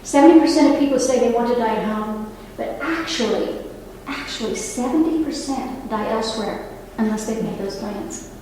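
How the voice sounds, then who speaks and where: A woman's voice: fairly high pitch, moderate pace, few pauses, warm tone, a little hiss or hum. A woman over sixty-five, a nurse, giving an earnest public talk to an audience and turning to the room with asides and questions. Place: library meeting room. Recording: echoey hall, mic from a distance.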